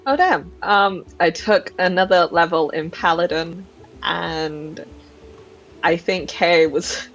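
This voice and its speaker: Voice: mid-range voice, slow pace, a bit bright, highs cut off, soft background music. A player in a tabletop game, describing a character's actions casually.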